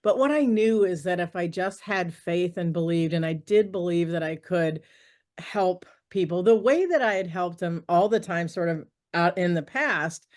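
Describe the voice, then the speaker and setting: A middle-aged woman with a fairly low voice tells her story on a video call. She speaks in an animated way, laughs often and slips into the voices of the people in her story. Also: normal speed. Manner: lively, laughs often, acts out quoted dialogue. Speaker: podcast guest.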